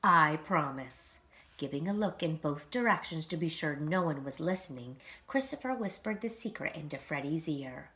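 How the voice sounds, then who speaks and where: A woman, a preschool teacher, reading a children's storybook aloud in an expressive, animated way. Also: deep voice, moderate pace, few pauses.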